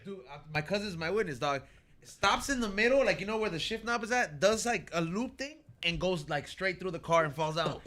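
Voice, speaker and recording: Man, podcast co-host, casual storytelling, slangy, heavy swearing, bright tense voice. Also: high-pitched, expressive, fairly quick. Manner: slangy, swears a lot, calls people "dog".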